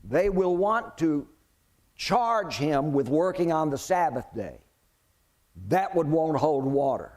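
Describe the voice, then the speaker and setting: A male preacher delivering a sermon, retelling a Bible story in an animated way and putting questions to the congregation. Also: fairly high pitch, slow.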